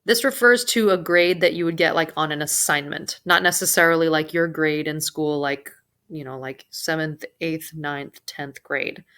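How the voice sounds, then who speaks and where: A woman teaching a recorded Spanish vocabulary lesson, pronouncing each word slowly and carefully with casual asides. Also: low-pitched, a bit bright, smooth.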